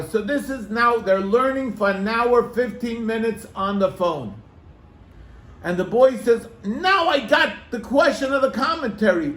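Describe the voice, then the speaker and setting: Animated storytelling rabbi, high voice. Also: male voice, roomy sound. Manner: animated, acts out quoted voices. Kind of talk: storytelling to a congregation.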